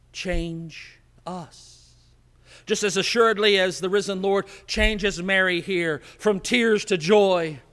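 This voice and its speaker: A man preaching a sermon as pastor, slow and emphatic, dropping to a hush on key words, recorded in an empty church. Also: sits high, long reverb tail. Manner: slow, emphatic preaching with dramatic drops to quiet.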